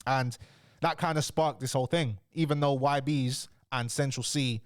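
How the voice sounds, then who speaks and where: A man's voice: medium pitch, fairly even intonation, normal speed, no room sound. Chatty man, dry close voice. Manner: chatty, loose slang, frequent restarts. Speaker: commentary host. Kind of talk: casual reaction commentary.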